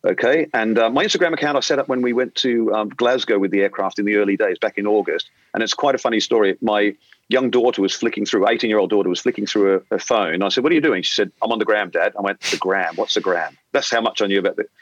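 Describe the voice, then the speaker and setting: A man's voice: lowish voice, fast, no echo, lo-fi sound. A man in his late forties or fifties, an airline captain being interviewed, telling a story at length and acting out the voices of the people in it. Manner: animated storyteller, acts out quoted dialogue. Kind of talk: conversational storytelling.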